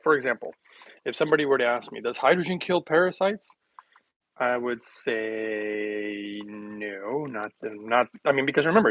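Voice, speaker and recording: A man chats loosely to his viewers from his kitchen, trailing off, circling back and laughing at his own jokes. His voice sits at an ordinary middle pitch and is recorded dry and close, with no room echo. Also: a bit bright. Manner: rambling, joking, laughs often, talks to viewers. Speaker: health livestream host. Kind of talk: casual livestream chat.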